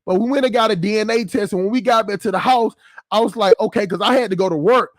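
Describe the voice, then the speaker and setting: Brief: high-pitched man, dry close sound, casual profane storyteller who keeps checking in with the audience. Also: fast talker, dry recording. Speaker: channel host.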